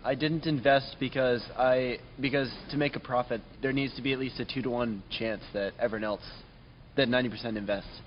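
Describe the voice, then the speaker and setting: A man's voice: mid-range voice, fairly even intonation, fairly quick. A male student explains his reasoning carefully in a lecture hall. His voice sounds dull and lo-fi, with a long hall echo and faint room noise around it. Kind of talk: answering in class. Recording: echoey hall, lo-fi.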